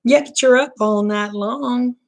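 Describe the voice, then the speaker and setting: A middle-aged woman with an Oklahoma accent, hosting a casual late-night livestream chat and talking to viewers by name, her throat a bit rough. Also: a little high, measured pace. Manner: relaxed, folksy, talks to viewers by name. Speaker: livestream host chatting with viewers.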